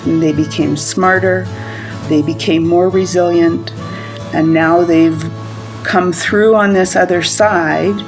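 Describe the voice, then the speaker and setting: A woman with a slightly low voice speaks very slowly and thoughtfully, sounding hopeful. Clear guitar music plays behind her. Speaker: interviewee. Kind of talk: reflective interview.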